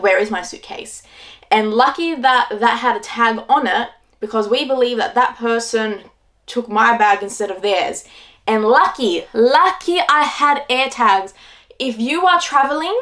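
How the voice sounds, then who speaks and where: Slightly high and a bit bright, this Australian woman in her twenties recounts her trip to the camera. The travel vlogger chats casually and fills her retelling with "like."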